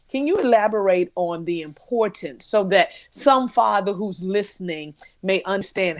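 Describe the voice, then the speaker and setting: A woman's voice: medium pitch, lively intonation, moderate pace, hardly any pauses. A woman moderating a podcast panel discussion, earnestly putting long questions to the others.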